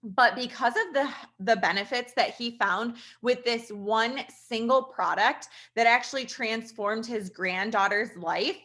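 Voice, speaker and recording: A woman's voice: a little high, a little slow, hardly any pauses, fairly bright tone. A woman in her thirties, a registered nurse, telling her personal story in an earnest, chatty way, addressing listeners as "you guys". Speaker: registered nurse sharing a testimonial. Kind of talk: casual personal testimonial to an audience.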